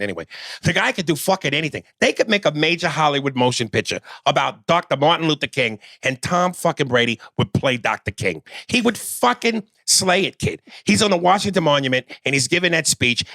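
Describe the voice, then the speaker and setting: A man putting on a brash, foul-mouthed sports fan from Boston with a thick Boston accent, ranting loudly. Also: on the high side, expressive, a little fast, vocal fry, dry recording, voice pushed up, exaggerated voice. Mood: boastful ranting. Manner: loud, swearing, boastful rant.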